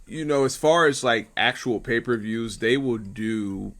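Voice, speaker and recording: A man's voice: medium pitch, measured pace, a bit bright. A man from Missouri co-hosting a podcast, explaining pro wrestling in a rambling, casual way, full of fillers. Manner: rambling explainer, lots of likes and ums. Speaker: podcast co-host.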